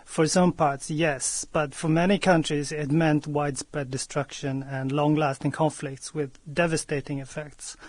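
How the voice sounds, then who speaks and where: A man co-hosting a radio talk show, explaining history with many pauses and fillers. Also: a little high, a little mellow, no room sound. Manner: hesitant, many ums and restarts. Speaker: co-host. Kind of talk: casual history discussion.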